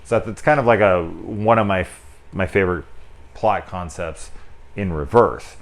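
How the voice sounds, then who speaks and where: A man with a deep, low voice talks through a movie in a loose, unscripted review. He rambles and restarts, peppers his talk with "like," and swears casually as he goes. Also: a little slow. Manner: rambling, loose and candid with frequent swearing and filler "like". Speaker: film reviewer. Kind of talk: casual spoken film review.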